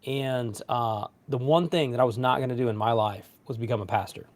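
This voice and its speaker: A man in his forties, a pastor hosting a casual livestream chat, telling a story with lively, self-mocking asides. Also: mid-range voice, fairly quick. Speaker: pastor and show host.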